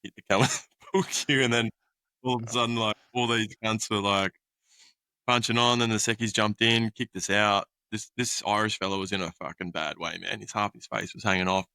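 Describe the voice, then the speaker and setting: Blunt, laid-back Australian podcast host. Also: male voice, lowish voice, steady tone, moderate pace, pushed and bright, clear, resonant tone, no echo, low-quality recording. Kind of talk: casual podcast chat.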